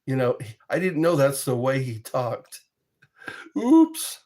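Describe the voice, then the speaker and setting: A man's voice: mid-range voice, normal speed, darkish tone. A man telling rambling, casual stories in a vlog, often chuckling and breaking off mid-sentence. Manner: rambling, chuckling, self-interrupting. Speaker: vlogger. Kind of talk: casual storytelling monologue.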